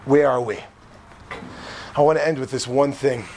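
A man teaching a religious class to students, lively and quick, acting out quoted speakers and firing questions at his listeners. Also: mid-range voice, slight background noise. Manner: animated, quick, acts out quotes and quizzes listeners.

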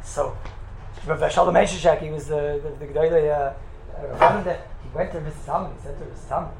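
A man who teaches in a yeshiva, telling stories in a lively talk and acting out the quotes. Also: on the high side, fast, gravelly. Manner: animated, acts out the quotes in his stories. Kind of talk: storytelling talk. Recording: echoey room with faint background noise.

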